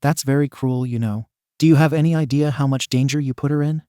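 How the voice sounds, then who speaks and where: A cocky young swordsman with a wry, teasing edge, read by a man. The voice stays mellow and warm, recorded dry and close. It sounds like a storybook reading, not a full performance. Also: medium pitch, a little fast, smooth, no room sound, close to an everyday voice.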